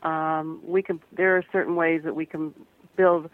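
A woman from the American Midwest, a guest photographer and author, speaking earnestly and gently with some restarts in a radio interview. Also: deep voice, flat delivery, unhurried. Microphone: phone. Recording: tinny phone line.

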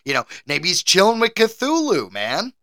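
Male podcast co-host, bright and lively, quick to laugh, dry close recording. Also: high voice, no echo. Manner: animated, laughs often, jokey. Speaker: game show quizmaster. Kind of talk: casual podcast chat.

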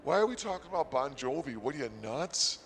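A man's voice: a little high, sing-song, a little fast, a bit bright, slight background noise. A man hosting a comedy podcast, rambling sarcastically and mock-boastfully about his day at a casino.

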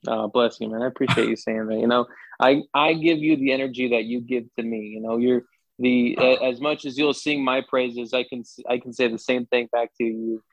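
A young man talks in a loose, upbeat way, stumbling over and restarting his sentences as he chats as a guest. His voice sits at an ordinary middle pitch. The remote audio sounds muffled and dry, with no room around it. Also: fairly even intonation, fairly quick, no echo. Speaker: sports anchor, podcast guest. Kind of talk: casual podcast chat.

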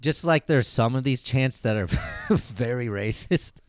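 A mid-pitched man hosts a casual sports chat, telling stories with profane, animated energy. His voice sits dry and close on the mic. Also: unhurried, clear, resonant tone, dry recording. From United States. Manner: animated, profane, laughing storyteller. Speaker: podcast host.

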